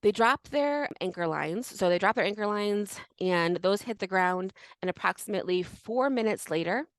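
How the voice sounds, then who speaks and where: A woman's voice: mid-range voice, animated, normal speed, no echo, rough recording. A woman co-hosting a history podcast, telling a story in a loose, chatty way with lots of "like" and restarts. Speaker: podcast co-host. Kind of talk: casual history chat.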